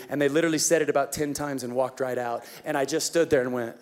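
A pastor preaches a Christmas sermon, telling a story with lively, animated energy that sinks into hushed tenderness. His voice is mid-range and he talks fast.

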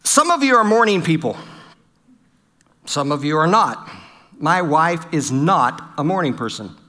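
A man's voice: a little high, pushed and bright. A middle-aged man giving a humorous church talk on marriage, telling stories with self-deprecating jokes and acting out the quotes. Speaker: pastor.

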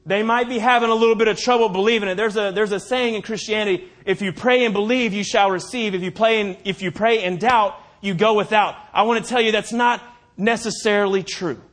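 High-voiced preaching man, dramatic swings. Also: steady tone, fairly bright tone. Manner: slows right down to stress key phrases. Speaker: pastor. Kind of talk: sermon.

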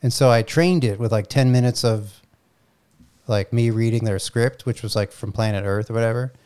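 A man's voice: mid-range voice, normal speed, darkish tone, clear, resonant tone. A man co-hosting a podcast in casual chat over a video call, rambling, laughing and swearing freely. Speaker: podcast co-host.

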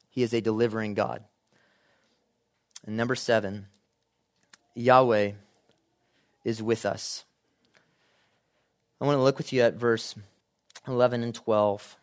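A man preaching a sermon, shifting from quiet, measured reading to loud, animated emphasis. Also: mid-range voice.

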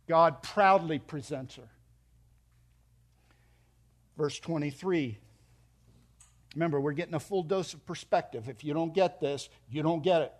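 Middle-aged man, pastor, sermon delivery, slightly high voice, dynamic and emphatic. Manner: expressive preaching, voice rising and dropping.

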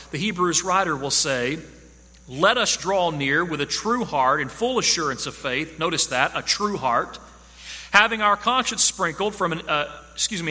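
A man's voice: sits high, bright, forceful tone. A man preaching a sermon, emphatic and repeating key phrases for stress. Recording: long hall reverb.

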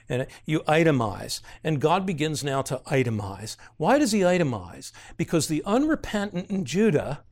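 On the high side and animated, this man talks at a moderate pace while teaching through a book of the Bible. He reads passages out and explains them in an earnest, conversational manner, with frequent "uh" fillers and sudden emphasis on key words.

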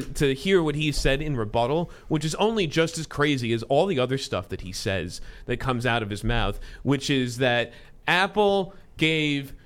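Young male comedy podcast host, bright and fairly high, sarcastic. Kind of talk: comedic casual chat.

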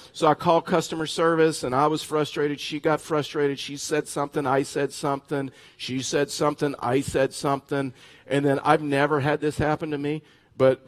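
Animated pastor preaching a sermon. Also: male voice, fairly high pitch. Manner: animated storytelling with bursts of laughter; repeats words and restarts phrases.

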